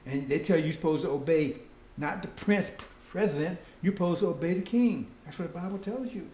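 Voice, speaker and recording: A man's voice: a little high, a little fast, dark tone, roomy sound. A man preaching a casual, conversational sermon, often breaking in with "see?" and "right?".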